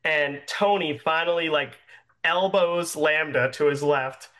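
Brief: young man running a tabletop game, slow rambling narration, slightly high, bright voice. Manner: rambling, many fillers. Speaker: game master.

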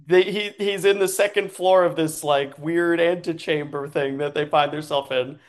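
A man's voice: a little high, steady tone, normal speed. A man casually telling an improvised story, chatty and laughing often, checking in with his listener.

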